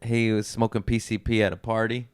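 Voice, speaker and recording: A man's low, smooth voice rolls through a rambling, foul-mouthed story, recorded close and dry on a podcast mic. He talks like a working comedian chatting with a friend. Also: little pitch movement, a little fast, no room sound. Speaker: comedian guest. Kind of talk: casual podcast chat.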